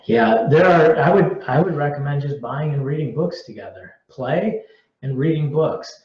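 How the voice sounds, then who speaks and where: A man's voice: on the high side, lively intonation, normal speed, darkish tone. A man answering homeschool viewers' questions in a casual live-stream Q&A. He talks conversationally, often restarting his sentences and using filler words. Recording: roomy, slightly dull live-stream audio.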